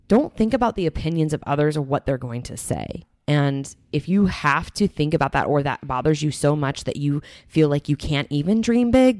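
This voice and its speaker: A woman's voice: deep voice, a little mellow, dry recording, clean studio sound. A woman co-hosting a podcast as a fitness coach, talking in a candid, emphatic, motivational way. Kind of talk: casual podcast chat.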